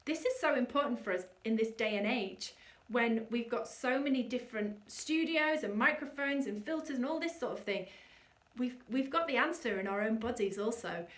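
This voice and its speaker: A woman voice coach leading an energetic vocal warm-up and demonstrating the exercises herself. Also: fairly high pitch, normal speed, echoey room, far from the mic.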